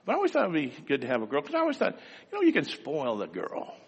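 Lively, high-pitched preaching man. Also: quick pace, husky, long reverb tail. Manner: animated storytelling that builds to fervent, loud exhortation. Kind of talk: sermon.

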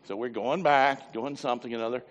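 A man preaching a sermon, telling a folksy story with lively voiced asides. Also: mid-range voice, quick pace, big-room sound. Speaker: pastor.

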